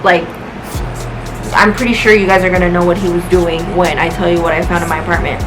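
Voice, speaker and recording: In poor audio over background music, a young woman vlogger with a lowish voice talks fast and flat. Tipsy and high, she rambles through a loose, chatty storytime packed with swearing.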